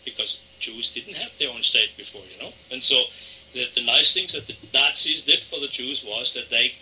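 A man from southern Germany with a German accent, answering interview questions in a measured, explanatory way. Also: medium pitch, sharp tone, a little hiss or hum. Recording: dull lo-fi archival audio.

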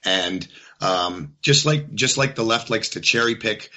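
A man speaking as a guest in a casual political talk, in a measured, somewhat hesitant way with pauses. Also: lowish voice, bright, forceful tone.

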